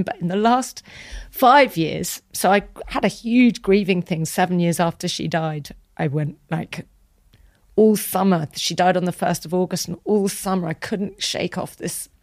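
A woman guest telling an emotional personal story in a candid, chatty way, acting out quoted lines with soft whispers. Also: lowish voice, a little slow, no room sound.

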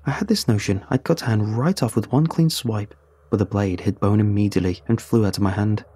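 Husky man narrating a horror story. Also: lowish voice, a little fast, dark tone, no echo.

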